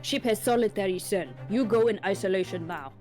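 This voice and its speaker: A woman's voice: medium pitch, a little fast, a little mellow, faint music behind, voice pushed down, close to an everyday voice. A woman voicing a bossy Russian woman on a ship, in a put-on Russian accent and broken English. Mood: accusing.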